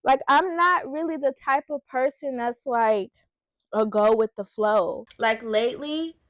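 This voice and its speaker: A young woman vlogger chats casually while styling her hair, reflecting on herself with casual slang and sounding slightly out of breath. Her voice is high and fairly bright, her pace measured, with no echo.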